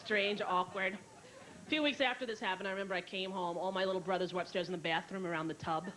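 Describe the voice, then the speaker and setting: A woman's voice: mid-range voice, fairly even intonation, fast talker, a crowd in the background. A woman in her thirties doing a stand-up comedy routine before a live audience, brashly telling family stories and acting out her relatives. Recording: noisy VHS tape, loud audience laughter. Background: audience laughter.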